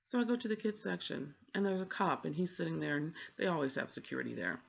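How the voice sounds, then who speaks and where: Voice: medium pitch, lively intonation, fast talker, vocal fry, muffled recording. A book vlogger in a casual chat, telling a rambling story about a library trip and acting out what each person said. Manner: chatty, rambling storyteller who acts out what people said.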